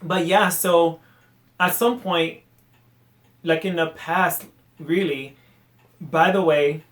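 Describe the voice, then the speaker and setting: A man, hosting a casual solo podcast rant, animated and exasperated, sometimes trailing off into muttered asides. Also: a little high, slow pace, echoey room. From Haiti. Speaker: podcast host.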